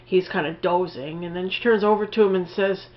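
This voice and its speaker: A woman's voice: lowish voice, fairly even intonation, a little fast, highs cut off. A woman giving a casual spoken film review, blunt and profane, rambling with lots of fillers.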